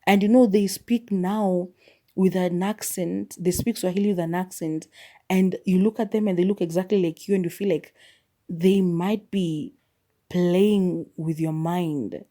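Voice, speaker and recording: A woman's voice: on the low side, steady tone, unhurried, warm tone. A Kenyan woman hosting a solo podcast, sharing her opinions in a candid, musing way. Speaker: podcast host.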